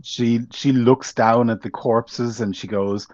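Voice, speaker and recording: A man running a tabletop game, narrating slowly and haltingly. He pauses to search for words. The call audio is dry and a little muffled. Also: medium pitch, steady tone, a little mellow, no room sound. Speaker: game master.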